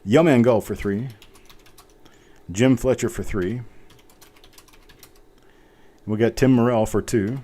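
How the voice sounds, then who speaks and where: This man's medium-pitched, mellow voice moves slowly, with long pauses, as he hosts a live coin auction. He chats casually, mocks himself, and reads out bidders while typing.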